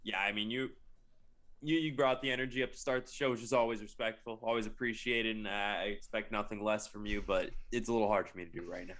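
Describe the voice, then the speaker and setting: A man co-hosting a casual sports podcast, speaking in a calm, measured way and asking questions. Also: lowish voice. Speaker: podcast co-host.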